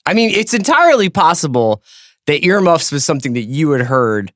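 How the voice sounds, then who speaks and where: A man with a slightly higher voice co-hosts a casual movie podcast. He agrees easily and chuckles as he talks, in a dry studio. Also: sing-song, brisk, fairly bright tone, dry recording. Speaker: podcast co-host.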